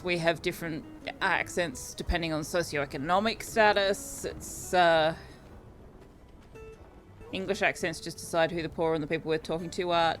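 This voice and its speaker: An Australian woman streaming a game, chatting casually and correcting herself as she goes. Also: fairly low pitch. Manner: chatty, self-correcting, amused. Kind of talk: casual gameplay commentary.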